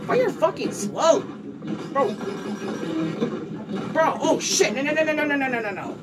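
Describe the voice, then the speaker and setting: A woman's voice: sits high, big pitch swings, a little slow, pauses often, distant mic. A woman giving frantic, swear-filled gameplay commentary, repeating "bro" constantly. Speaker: gamer.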